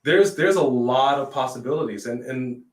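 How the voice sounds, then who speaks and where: A man co-hosting a casual wrestling chat, animated, riffing and joking. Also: mid-range voice, moderate pace, recorded from a distance. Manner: animated, sings jokingly, reads in a newscaster voice. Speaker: podcast co-host. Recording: echoey room, off-mic.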